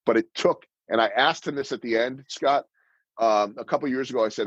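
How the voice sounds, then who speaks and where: A man's voice: medium pitch, brisk, husky, no echo, dull audio. A man in his fifties, a sports broadcaster guest telling stories in an interview and acting out the lines he quotes. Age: 50s. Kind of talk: storytelling interview answers.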